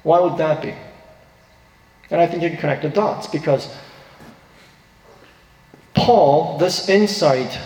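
A man preaches a sermon with earnest force, his fairly high voice climbing higher whenever he quotes a line of scripture. He speaks from a church sanctuary, and the sound rings through a big reverberant hall that carries a long echo behind every phrase. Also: warm tone. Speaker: pastor. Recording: echoey hall, distant reverb.

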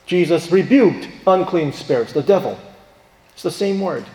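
A man's voice: a little high, animated, moderate pace, dark tone. Man preaching in an echoing hall. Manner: emphatic, rhetorical questions, acts out quoted voices. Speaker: pastor. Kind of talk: sermon. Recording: roomy hall with long reverb.

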